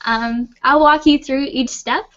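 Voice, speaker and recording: A woman's voice: high voice, fairly even intonation, unhurried, a bit bright, highs cut off. A woman teaching an English class over a video call, patient and reassuring. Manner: patient, reassuring, laughs often. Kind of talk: online class, friendly explaining.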